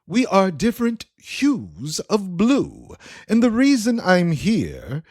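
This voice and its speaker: A man voicing a suave, condescending blue alien gentleman thief who speaks theatrically. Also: high voice, huge pitch swings, slow pace, dry recording, clean studio sound, pitched above the performer's own voice, full character voice. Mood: haughty. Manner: theatrical, condescending, says "my dear".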